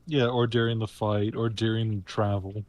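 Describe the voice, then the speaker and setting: A man's voice: lowish voice, little pitch movement, moderate pace, darkish tone, no room sound. Hesitant man playing a tabletop game. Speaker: player. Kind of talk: casual tabletop game chat.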